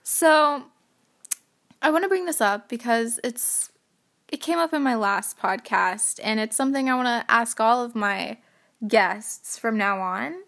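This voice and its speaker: A young woman hosting a playful mock podcast in a mock-serious, deadpan way. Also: fairly high pitch, a little slow, creaky. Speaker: podcast host.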